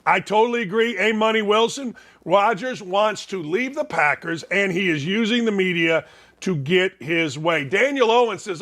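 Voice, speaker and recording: Brash sports host, bright edge, high voice, stuffy. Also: male voice, lively intonation, measured pace. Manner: brash, folksy, emphatic with repetition. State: congested, sneezing. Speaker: sports talk show host. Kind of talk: opinionated sports talk monologue.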